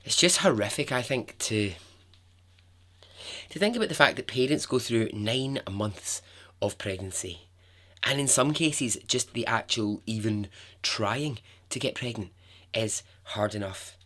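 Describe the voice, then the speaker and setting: Chatty man telling a story. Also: fairly low pitch. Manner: chatty, expressive, with asides. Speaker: podcast host. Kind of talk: casual podcast storytelling.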